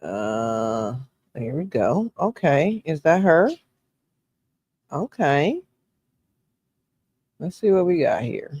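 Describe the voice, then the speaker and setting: A woman's voice: deep voice, big pitch swings, takes it slowly, pauses often, a little mellow, slightly rough, no echo. Woman host, casual commentary, laughs a lot, teasing, dry close sound. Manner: laughing, teasing, talks back to the clip. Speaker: reaction video host.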